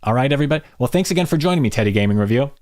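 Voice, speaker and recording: A man's voice: mid-range voice, animated, very fast, darkish tone. A man hosting a casual live stream, rambling and reflective with jokes, faint music behind him. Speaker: host of a fan channel live stream.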